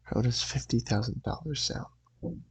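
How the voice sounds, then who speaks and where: A man voicing a shrewd college professor who haggles, with a raspy voice. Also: medium pitch, a little slow. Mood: haggling.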